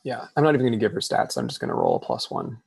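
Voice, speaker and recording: A man's voice: lowish voice, huge pitch swings, racing, gravelly, darkish tone, a little hiss or hum. A man narrating as game master in a casual tabletop game, with many fillers.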